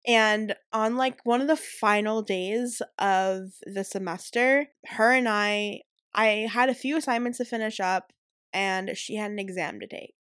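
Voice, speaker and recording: A woman's voice: medium pitch, measured pace, fairly bright tone, clean tone, no room sound, studio quality. A woman in her twenties telling a casual story as a college student vlogger, chatty and full of fillers. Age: 20s.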